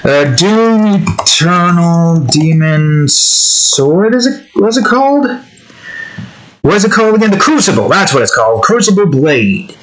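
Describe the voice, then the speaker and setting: A man chatting casually while he draws, rambling through off-topic asides and swinging into animated mock rants. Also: fairly high pitch, unhurried, low-quality recording. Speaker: art vlogger. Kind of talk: casual chat while drawing.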